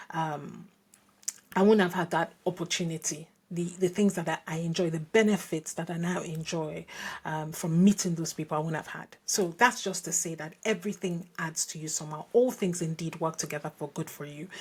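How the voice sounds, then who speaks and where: A woman's voice: on the low side, a little mellow, breathy edge. A woman from Nigeria hosting a podcast, telling a personal story in a reflective way with frequent restarts and asides. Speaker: podcast host.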